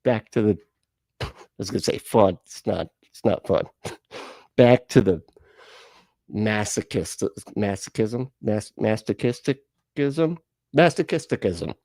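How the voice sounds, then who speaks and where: Man, stream host, rambling, self-mocking, gravelly, lively pitch, mellow tone. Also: measured pace, no room sound. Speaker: reaction channel host. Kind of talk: casual live-stream chat.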